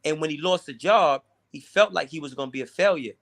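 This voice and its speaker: Bright-voiced man telling a raw story. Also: a little high, creaky. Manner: profane, halting, repeats words. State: teary. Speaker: guest. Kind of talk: casual candid storytelling.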